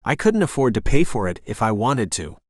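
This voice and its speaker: A male audiobook narrator reading a first-person romance in a steady, measured way. His voice is middle in pitch and sits dry and close to the mic with no room at all. The delivery is even and clear. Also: no echo. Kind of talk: scripted narration.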